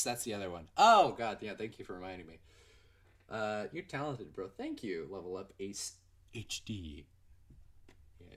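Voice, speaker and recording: Rambling young man chatting on a livestream. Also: lowish voice. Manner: rambling, excitable, many fillers. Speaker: livestream host and animator. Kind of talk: casual livestream Q&A chat.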